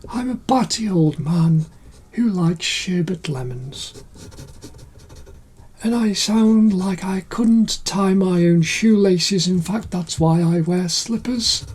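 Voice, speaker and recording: Dotty, gentle old wizard in a breathy half-whisper, done by a man, a touch higher than his usual voice. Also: takes it slowly, pauses often, heavily acted. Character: batty, mild-mannered old male wizard headmaster.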